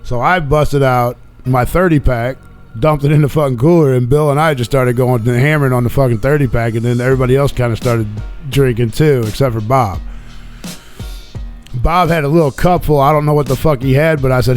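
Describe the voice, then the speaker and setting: A man's voice: medium pitch, a little fast, a little mellow, faint music behind. A man hosting a radio show, casually telling a long, profane, rambling story about a weekend away. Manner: profane, rambling, laid-back.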